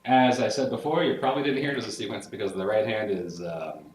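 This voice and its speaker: Speaking fast in a lowish voice, a man teaches a music theory class, explaining passages step by step in solfege syllables and eagerly checking with his listeners. His energy and enthusiasm for the music come through. The recording carries a little hiss or hum, a roomy echo, and clear piano playing in the background.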